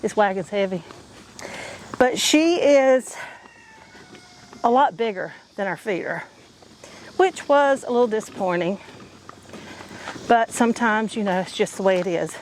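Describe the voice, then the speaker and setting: A woman's voice: medium pitch, animated, a little slow, pauses often, a little hiss or hum. A woman chatting casually outdoors on her homestead, folksy and talkative, calling her viewers y'all. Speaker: homesteading vlogger. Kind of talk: casual chat to camera.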